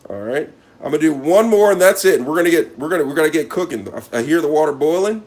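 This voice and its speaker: A man's voice: fairly high pitch, expressive, fast, a little mellow. Mock-serious man hosting a cooking video. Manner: mock-serious, repeats a catchphrase, talks to viewers as he works. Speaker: cooking channel host. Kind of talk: casual cooking demonstration to camera.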